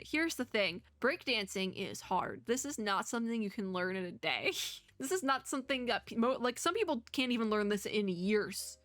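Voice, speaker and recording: Bright-voiced young woman playing a game. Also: a little high, normal speed, no echo. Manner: chatty, animated, reads lines in voices, laughs often. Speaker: gaming YouTuber. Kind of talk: let's play commentary reading game dialogue aloud.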